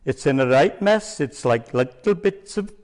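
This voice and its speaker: A man's voice: on the high side, animated, a little slow, darkish tone. A man putting on a Welsh coast guard. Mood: mock-grave. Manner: mock-grave, dramatic. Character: prank-calling male coast guard officer.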